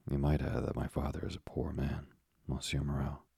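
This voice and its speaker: A man reading the part of an earnest young sailor who speaks politely and gravely. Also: extremely low pitch, completely flat delivery, normal speed, warm tone, no echo, studio quality, exaggerated voice.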